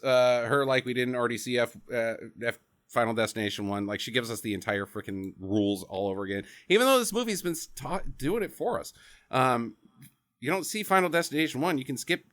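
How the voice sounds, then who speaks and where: A man casually recapping a horror sequel for laughs, with a bright, forward tone. His pitch swings widely as he acts out characters and swears freely. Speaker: podcast host. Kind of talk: casual comedic movie recap.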